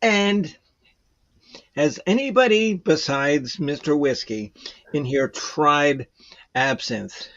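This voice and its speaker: A man's voice: a little high, slow pace, pauses often, a bit bright, muffled recording. A man guest chatting casually in a rambling, hesitant way, full of fillers. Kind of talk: casual chat.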